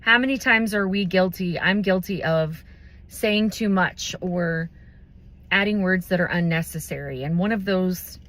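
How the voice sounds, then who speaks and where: A woman giving a motivational talk about communication, thoughtful and unhurried, with pauses and fillers. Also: fairly low pitch, fairly bright tone. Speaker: business community speaker.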